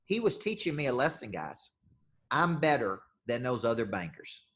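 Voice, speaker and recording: A man's voice: medium pitch, very animated, moderate pace, fairly bright tone. A man coaching a group of salespeople live. He drives his points home with punchy, emphatic statements and circles back to repeat his phrases. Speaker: business coach.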